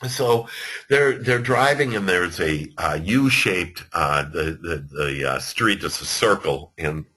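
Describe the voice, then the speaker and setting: A man teaching a lesson through a rambling story. He speaks in a lowish voice that is bright and a little husky, and his pitch rises and falls a lot. He keeps restarting his sentences and fills gaps with ums. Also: slow pace. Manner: rambling, with many fillers and restarts, animated storytelling. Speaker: self-help teacher.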